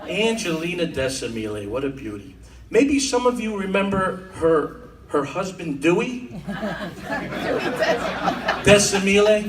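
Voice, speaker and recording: On a comedy club stage, a man with a high voice and big pitch swings delivers wisecracking stories at a normal speed, mixing in mock-tough Italian-American bits. Crowd noise, audience laughter, and club ambience come through in the roomy recording made from a distance.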